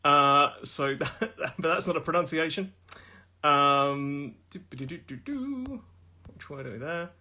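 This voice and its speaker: Middle-aged english guy teaching pronunciation live, bit higher voice, chatty, voice going a little. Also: bright, forceful tone. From England. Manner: chatty, repeats each word slowly, laughs at own jokes. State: losing his voice. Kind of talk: live-streamed pronunciation lesson.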